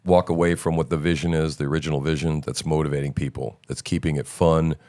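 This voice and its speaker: A man's voice: a bass voice, fairly even intonation, fast talker, darkish tone. A middle-aged man hosting a casual live-stream chat, rambling loosely with many fillers and restarts. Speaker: show host.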